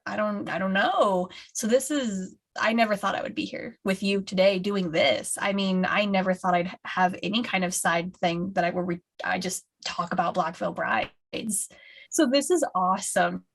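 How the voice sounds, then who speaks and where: A woman co-hosting a casual fan podcast, her voice carrying a gravelly, fry-laced texture. She gushes as she talks, full of likes and little restarts, and sits at an ordinary middle pitch. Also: normal speed. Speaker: co-host.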